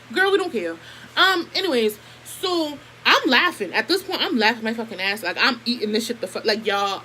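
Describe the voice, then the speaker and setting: A woman's voice: on the high side, slight background noise, poor audio. A young woman telling a family story to her camera in a casual, profane and heated way. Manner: profane, animated, heated retelling. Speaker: vlogger.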